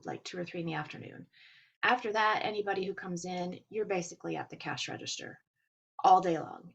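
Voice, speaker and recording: A woman with a Texas drawl chats on her own podcast in an easygoing, rambling way, filling her pauses with ums. She talks as if to friends, now and then breaking into a small laugh. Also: mid-range voice. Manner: chatty, with frequent ums and laughs. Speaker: podcast host. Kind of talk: casual chat and reading aloud.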